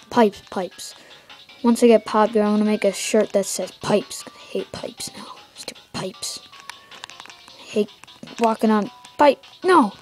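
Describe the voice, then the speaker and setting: A teenage girl rambles through her gameplay commentary at home, excitable and quick to mock the characters on screen. Her voice sits a little high. Soft game music plays underneath. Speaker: let's play host.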